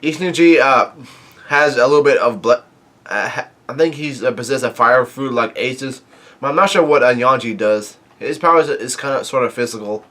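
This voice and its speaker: Halting man recapping a comic. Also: mid-range voice, fairly bright tone. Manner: halting, many fillers and restarts. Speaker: manga reviewer. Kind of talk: casual recap of a comic chapter.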